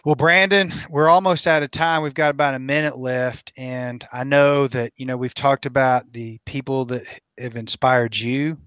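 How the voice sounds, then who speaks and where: A man's voice: medium pitch, fairly even intonation, moderate pace, few pauses, a bit bright, clear, resonant tone, no echo, muffled recording. Earnest, encouraging man hosting a chat. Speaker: podcast host. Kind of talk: casual interview chat.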